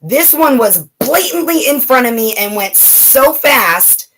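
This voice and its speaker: A woman's voice: on the high side, sing-song, measured pace, fairly bright tone, a little hiss or hum. Chatty woman telling personal stories. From California, USA. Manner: chatty, with many fillers and restarts. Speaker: guest. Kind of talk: casual storytelling chat.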